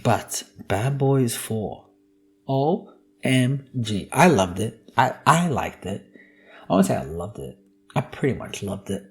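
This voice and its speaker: A man's voice: mid-range voice, sing-song, takes it slowly. A young man hosting a solo podcast, talking casually in a joking, profane, ranting way. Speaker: podcast host.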